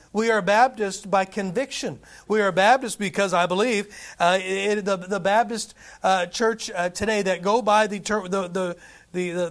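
Man, Baptist pastor, high voice, conversational sermon, frequent "right?". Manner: conversational preaching, keeps asking "right?".

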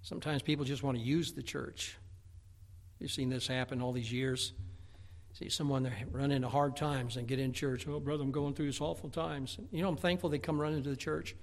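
A middle-aged man, a Baptist pastor, preaching a folksy, emphatic sermon, often stumbling over repeated words and breaking into shouts. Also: medium pitch, fairly even intonation, moderate pace. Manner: repeats words when starting a thought.

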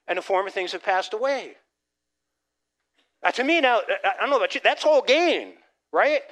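A man preaching a sermon as pastor, animated, dropping from loud emphasis to soft asides and restarting phrases. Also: sits high, normal speed. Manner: repeats words as he restarts phrases.

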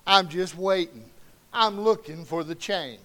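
A middle-aged man preaching a sermon in a folksy, conversational way that swings from quiet to loud. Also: sits high, measured pace.

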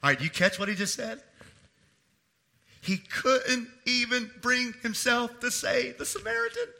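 A man pastor preaching a sermon, swinging between loud emphatic declarations and hushed, low asides. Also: big pitch swings, unhurried, creaky.

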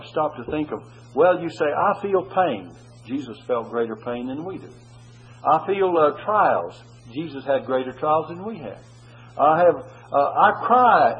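A man preaching a sermon, reading scripture with rising emphasis and pausing often with "uh". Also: mid-range voice, muffled recording. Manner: earnest preaching, rises on scripture quotes, frequent "uh" pauses.

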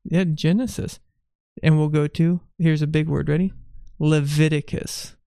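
A middle-aged father with a gravelly, creaky edge to his voice leads a gentle home devotion. He coaxes a small child along between passages and reads scripture aloud. The sound is dry and close, with little room around it. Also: a little high, fairly even intonation, unhurried, dry recording. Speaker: father leading a family devotion. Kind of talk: casual devotional chat with Bible reading.

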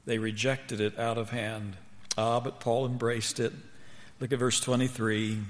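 Fiery preacher in a booming hall. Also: male voice, flat delivery, unhurried. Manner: emphatic, rhetorical questions to the audience. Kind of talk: sermon to students. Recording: long reverb of a large hall.

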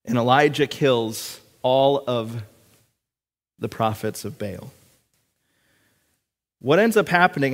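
A man delivers a sermon, reading scripture aloud and retelling the story in a storyteller's way. His voice sits at an ordinary middle pitch. The sound carries a long reverb, like a large hall. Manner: storytelling, animated when retelling scenes. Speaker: preacher.

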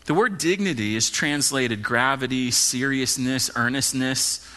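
A male pastor preaching an earnest sermon, swinging between loud urging and hushed low lines. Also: unhurried.

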